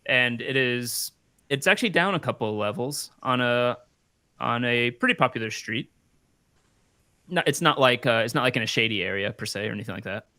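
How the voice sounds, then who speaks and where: A man's voice: medium pitch, animated, brisk, bright, forceful tone, no echo, clean studio sound. A man narrating as game master of a tabletop role-playing game, loose and laughing often.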